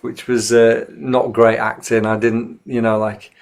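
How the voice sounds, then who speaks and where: A man's voice: mid-range voice, flat delivery, measured pace, vocal fry. A man in his fifties with a northern English accent, an actor recalling an old television role in a casual interview, reflective and self-deprecating. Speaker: actor and musician, interview guest.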